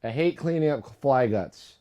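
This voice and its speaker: A man's voice: medium pitch, animated, moderate pace, dark tone. A man streaming from his home studio, chatting casually and rambling as he jokes at his own expense. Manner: rambling, self-mocking, repeats tongue twisters. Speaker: streamer making music. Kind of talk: casual livestream chat.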